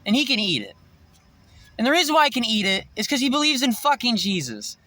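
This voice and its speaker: A man ranting to camera in a rambling, profane monologue, swinging between shouting and muttering. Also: very high-pitched, huge pitch swings, a little fast, no echo. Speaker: vlogger.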